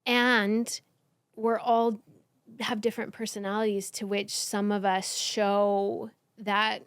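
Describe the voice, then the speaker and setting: A middle-aged woman who works as a healing coach, talking in a casual panel conversation and turning animated and high-pitched when she gets excited. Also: slow, smooth, no echo. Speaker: trauma healing coach, guest.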